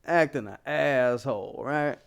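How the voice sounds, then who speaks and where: A man runs a commentary channel, ranting bluntly at his viewers and swearing constantly as he talks to them directly. His mid-range voice is gravelly yet smooth, and he speaks a little slowly.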